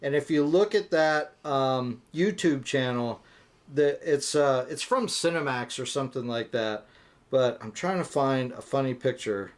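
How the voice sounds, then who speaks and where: A man's voice: medium pitch, animated, unhurried. A middle-aged man co-hosting a casual live-stream chat, rambling and telling jokes while he acts out the voices in them. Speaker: co-host of a live motorcycle chat.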